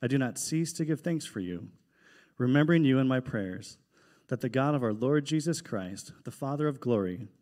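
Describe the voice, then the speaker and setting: A man stands before a church congregation and reads scripture at a measured, steady pace. His voice is mellow and dark-toned, sitting at an ordinary pitch for a man. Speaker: scripture reader. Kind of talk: formal scripture reading. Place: church sanctuary.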